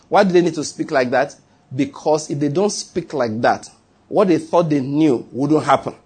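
A man's voice: a little high, darkish tone, slightly rough. A middle-aged male pastor preaching a sermon, emphatic and repeating his key phrases.

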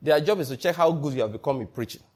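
Pastor preaching with animated quotes. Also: male voice, fairly high pitch, rapid-fire. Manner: animated, acts out quotes, laughs between points. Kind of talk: sermon.

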